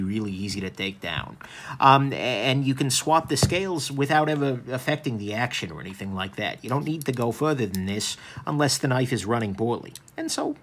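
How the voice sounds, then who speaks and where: Husky guy doing a chill knife review, lots of ums and goofy tangents. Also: mid-range voice, a bit bright. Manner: rambling, with joking asides and many ums. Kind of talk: casual hands-on product review.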